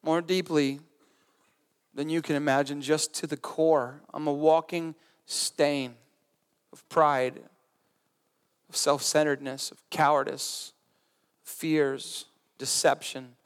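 A man's voice: a little high, flat delivery, takes it slowly, pauses often. Earnest male pastor preaching in a reverberant hall. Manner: conversational, earnest, with humor and asides. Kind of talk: sermon. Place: church.

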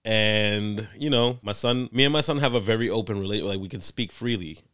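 A middle-aged man tells a long story in casual conversation. His voice sits low, and he acts out each person he quotes while swearing freely. The recording is dry and close. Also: fairly quick, fairly bright tone, clean tone, dry recording.

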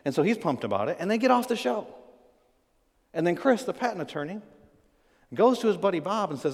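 A man preaching a sermon, telling a story with animated acted-out quotes and swinging between loud emphasis and quiet asides. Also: high voice, brisk, pauses often, in a large hall. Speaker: pastor.

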